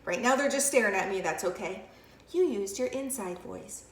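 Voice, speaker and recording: A woman's voice: medium pitch, expressive, moderate pace. A woman teacher demonstrating a classroom routine, speaking as if to young children and switching between a full voice and a whisper. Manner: speaks to camera as if to young children, with emphatic questions and praise. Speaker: kindergarten teacher. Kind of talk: instructional demonstration. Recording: roomy echo with faint ambience.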